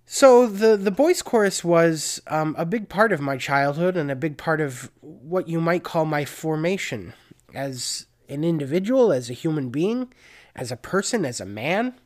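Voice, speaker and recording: A man's voice: a little high, lively intonation, measured pace. A young man hosting a solo podcast, talking in a rambling, chatty way and often correcting himself. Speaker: podcast host. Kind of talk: casual solo monologue.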